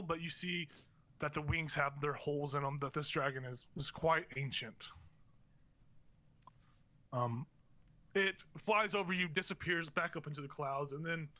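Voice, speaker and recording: A man's voice: a little high, bright, forceful tone. A young man running a tabletop game as game master, narrating in a rambling way with many fillers and restarts.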